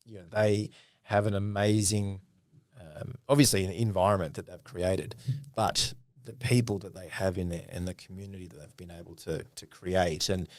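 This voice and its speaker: A man hosting a podcast interview, speaking hesitantly with many pauses and restarts. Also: sits low, steady tone, a little mellow, no room sound, studio quality. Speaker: podcast host.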